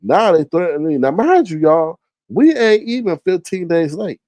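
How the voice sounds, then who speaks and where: Man, lively swooping voice, mellow tone, profane casual storytelling, dry close sound. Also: moderate pace, no room sound. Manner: animated, profane, jumps into high-pitched exclamations when quoting himself. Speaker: streamer host.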